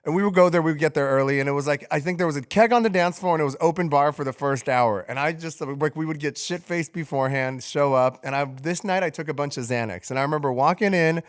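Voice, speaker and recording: A man casually telling a long, profane story on a podcast, animated and full of fillers. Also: a little high, quick pace, hardly any pauses, smooth.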